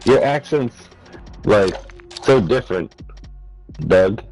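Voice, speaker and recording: A man's voice: on the low side, lively intonation, slow, darkish tone, faint music behind, poor audio. A man with a New Jersey accent, stoned, rambling and restarting his words in casual chat while gaming on a headset. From North Jersey, USA. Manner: rambling, stumbles and restarts words, laughs often. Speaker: gamer.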